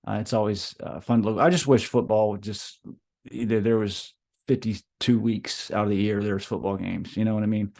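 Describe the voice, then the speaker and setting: Stammering laid-back American podcast guest. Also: male voice, lowish voice, steady tone, normal speed, vocal fry, a little mellow, no room sound, studio quality. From United States. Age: middle-aged. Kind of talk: casual podcast chat.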